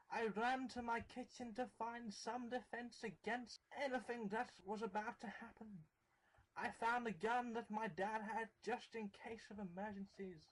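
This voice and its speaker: Slow, deliberate horror story narrator. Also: mid-range voice, poor audio. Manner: slow, deliberate first-person reading.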